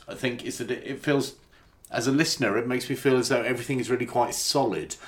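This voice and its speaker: A man interviewing a musician, talking in a hesitant, self-deprecating way and circling around his point. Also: medium pitch. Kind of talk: conversational interview.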